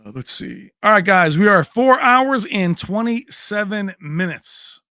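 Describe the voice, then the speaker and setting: Male streamer, casual rambling chat, raised pitch, bright dry sound. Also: unhurried, no room sound. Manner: rambling and animated, laughs often, answers chat by name. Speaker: livestream host.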